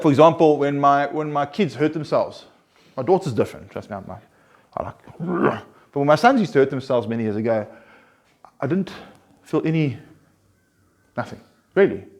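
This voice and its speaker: A man counseling a recovery group, talking earnestly and conversationally, often restarting and pressing his points with rising emphasis. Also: medium pitch. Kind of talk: informal group talk.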